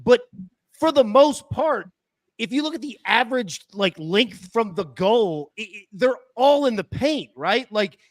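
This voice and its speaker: Dude breaking down a basketball game, high voice, eager, says like a lot, dry sound. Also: male voice, animated, measured pace, no echo. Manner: eager, emphatic, uses "like" a lot. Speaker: co-host. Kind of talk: casual sports analysis.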